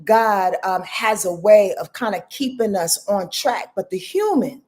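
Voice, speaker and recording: A woman, talking casually to her audience in a loose, chatty way full of fillers and asides. Her voice sits mid-range with a mellow, dark tone. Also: mid-range voice, lively intonation, unhurried. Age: 50s. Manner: chatty, warm address to viewers with frequent fillers. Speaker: astrologer and host. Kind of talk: casual livestream talk.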